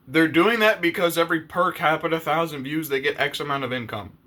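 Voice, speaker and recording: Bright-voiced man ranting bluntly. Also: on the high side, fast. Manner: blunt, profane, conversational. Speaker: YouTuber. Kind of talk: casual rant to camera.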